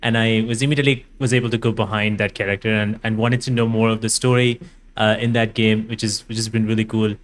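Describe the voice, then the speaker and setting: A man hosting a podcast interview, asking questions in a halting way, often repeating and rephrasing himself. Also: fairly low pitch, little pitch movement, slight background noise. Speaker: podcast host.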